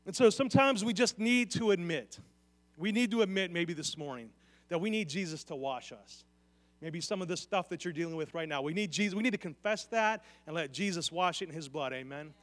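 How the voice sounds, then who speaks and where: In a church sanctuary, a pastor with a high, expressive voice preaches a sermon at a brisk pace. He earnestly puts questions straight to his congregation, and the hall's long reverb carries his words.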